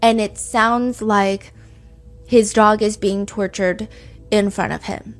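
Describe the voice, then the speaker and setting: A woman's voice: medium pitch, steady tone, slow pace, faint music behind. A woman hosting a true crime podcast, chatting casually and animatedly, piling up speculative rhetorical questions. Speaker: podcast host.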